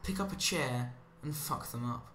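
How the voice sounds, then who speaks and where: A man's voice: mid-range voice, lively intonation, moderate pace, fairly bright tone, slight background noise. A man giving a rambling, sarcastic monologue as commentary over gameplay, drifting onto tangents. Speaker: commentary channel host. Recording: roomy echo with faint ambience.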